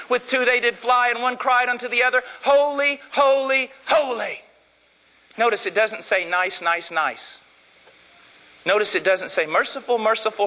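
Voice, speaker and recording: A middle-aged man preaching a sermon in a church, emphatic, swinging from loud declarations to hushed, intense passages. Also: high voice. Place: church sanctuary. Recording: long church reverb.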